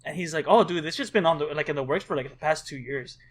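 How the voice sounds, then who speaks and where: Male podcast co-host, higher-pitched, animated storyteller, swears freely, casual delivery. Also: fast talker. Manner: excitable storyteller, swears a lot. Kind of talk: casual chat.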